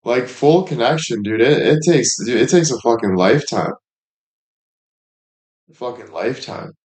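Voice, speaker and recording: A man's voice: medium pitch, animated, normal speed, a little mellow, reverberant. A young man livestreaming, chatting casually in a rambling, profane, laid-back way.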